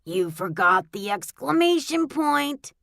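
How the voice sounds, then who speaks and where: A woman's voice: high-pitched, moderate pace, vocal fry, a bit bright, no echo, clean studio sound, pitched above the performer's own voice. A woman reading an audiobook, voicing a mischievous boy twin who taunts and schemes. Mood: taunting.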